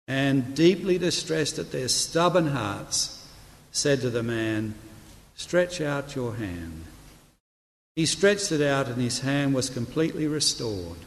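A man preaching a sermon, reading scripture slowly and measured, softening quoted words. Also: medium pitch, gravelly. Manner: slow, measured reading with quiet, soft delivery of quoted words. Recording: long hall reverb.

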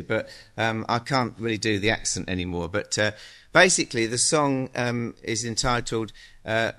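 A man in his sixties giving a church exhortation as a lay preacher, halting and chatty with many ums and uhs. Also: on the low side, pushed and bright. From England.

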